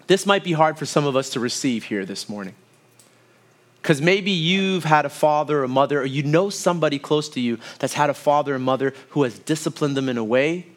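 A man in his thirties preaching a sermon with a slightly higher voice than most men. He tells everyday stories and turns to address the congregation directly. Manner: storytelling with asides to the congregation. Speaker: pastor.

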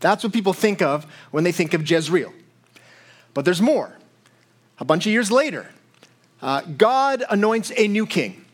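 A man's voice: sits high, animated, a little slow, pauses often. A man preaching a sermon as pastor, teaching in a conversational way with frequent asides to his listeners.

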